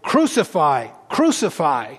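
A man voicing an angry crowd of accusers, his voice pushed up high and insistent as the demands repeat. A long church reverb follows each cry. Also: wildly swooping pitch, takes it slowly, fairly bright tone, exaggerated voice.

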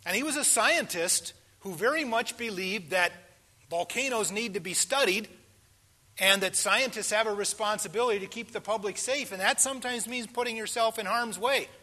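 A sixty-something man preaches with a high voice, asking his congregation questions and swinging from hushed pauses to loud emphasis and back.

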